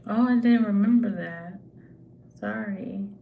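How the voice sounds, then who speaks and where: Slow-talking woman chatting on a phone stream. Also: mid-range voice, a little hiss or hum. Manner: slow, relaxed, sympathetic, greets viewers by name. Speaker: tarot reader live-streaming to viewers. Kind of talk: casual live-stream chat reading comments.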